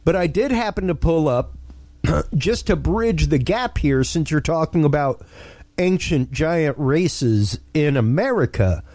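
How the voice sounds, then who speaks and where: Slow, mellow-voiced male podcast host. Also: a little high, animated, no echo. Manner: enthusiastic, with many ums and repeats. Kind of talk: casual podcast talk.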